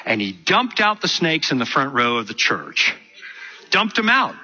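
A man preaching a sermon, telling stories with lively acted-out quotes. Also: fairly high pitch, normal speed, pauses often. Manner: animated, storytelling with acted quotes. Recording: muffled lo-fi sermon recording.

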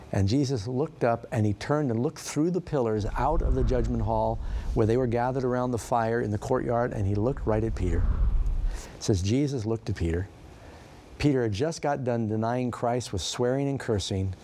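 A man's voice: medium pitch, dark tone, a little hiss or hum. A middle-aged man preaching as a pastor, telling the story conversationally and asking his listeners questions. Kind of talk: sermon.

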